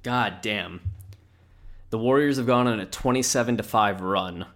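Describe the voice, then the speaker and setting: A man's voice: on the low side, moderate pace, fairly bright tone. A man co-hosting a podcast in casual chat, laid-back and freely profane. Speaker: podcast co-host.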